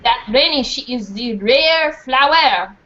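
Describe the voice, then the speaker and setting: A small, round French bulldog talks in a fond French accent, sprinkling French words into his speech, as a woman reads him aloud. His nose is pushed in and his voice sits fairly high. The recording is muffled, with a faint hiss behind it. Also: animated, slow, sharp tone, heavily acted.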